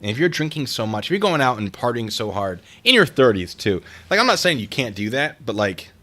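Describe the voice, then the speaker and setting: A male streamer with a lively, bouncing pitch reads reader stories aloud and riffs on them in a chatty, wry manner. His voice sounds bright and forward. He thanks viewers for donations as he goes. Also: brisk. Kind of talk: casual live-stream commentary.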